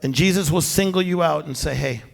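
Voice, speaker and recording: High-pitched fiery preacher man. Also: fairly quick, gravelly. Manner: fiery, shouting preaching with call-and-response. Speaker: pastor. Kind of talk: sermon. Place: church with live band and congregation. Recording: long church reverb, music behind. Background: band music.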